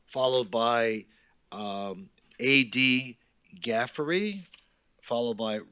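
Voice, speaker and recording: A man's voice: mid-range voice, takes it slowly, sharp tone, clear, resonant tone, no echo. A man chairing a public meeting who calls out speakers' names unhurriedly, with dry asides.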